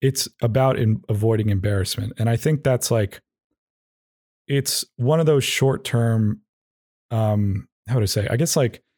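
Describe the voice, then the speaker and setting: Wry, opinionated man with a dark voice. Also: mid-range voice, measured pace, no room sound, clean studio sound. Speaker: podcast host. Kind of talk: casual solo podcast monologue.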